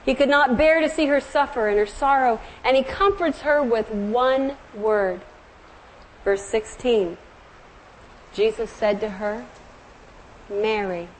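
A middle-aged woman from the American South preaching a sermon, telling stories gently and slowing down on scripture and hymn lines. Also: on the high side, a little hiss or hum, rough recording. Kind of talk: sermon with storytelling.

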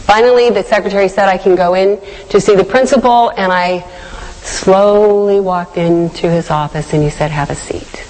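A woman's voice: mid-range voice, normal speed, darkish tone. A woman giving a devotional sermon, telling a personal story in an earnest, reflective way. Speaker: devotional speaker. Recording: long hall reverb.

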